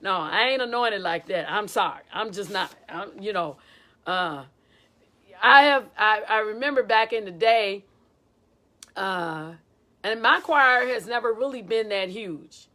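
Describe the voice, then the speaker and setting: A woman choir director giving a casual, animated teaching talk and acting out quotes as she tells stories. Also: medium pitch, unhurried. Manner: animated storytelling with acted quotes.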